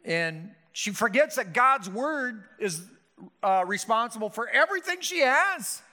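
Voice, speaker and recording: A man's voice: very high voice, big pitch swings, a little slow, bright, forceful tone. A male pastor preaching a sermon with emphatic, rhetorical delivery and frequent restarts. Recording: hall reverb.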